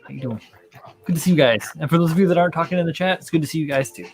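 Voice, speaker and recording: A man's voice: fairly high pitch, racing, crowd noise. A young man hosting a model-building livestream in loose, rambling chat, full of fillers and casual swearing. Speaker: livestream host.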